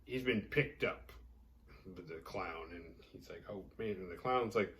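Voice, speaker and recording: Low-voiced man rambling through a movie recap. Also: unhurried, fairly bright tone, distant mic. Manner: rambling, heavy filler "like", profane and jokey. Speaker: horror movie podcast host.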